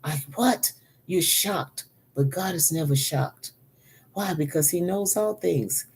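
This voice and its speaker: A woman prophet and preacher gives an earnest spoken sermon in a lowish, breathy voice, taking it slowly. She repeats phrases for emphasis and every so often drops to a whisper as she teaches.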